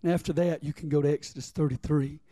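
A man's voice: a little high, steady tone, fast talker, mellow, dry recording. A man preaching a sermon as pastor, reading scripture and calling on the congregation to respond.

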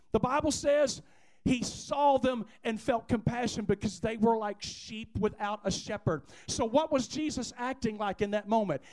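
A man preaching a sermon with lively delivery, acting out the people in the story and calling on the congregation to answer back. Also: very high voice, moderate pace, rough recording. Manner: animated preaching, acts out voices, calls on the congregation. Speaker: pastor.

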